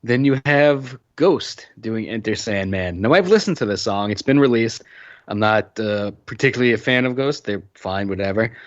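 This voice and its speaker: A man hosting a casual podcast chat, sardonic, reading out items in a flat way. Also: fairly low pitch, normal speed, dry recording. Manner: sardonic, reads list items flatly. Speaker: podcast host. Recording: dull lo-fi dry sound.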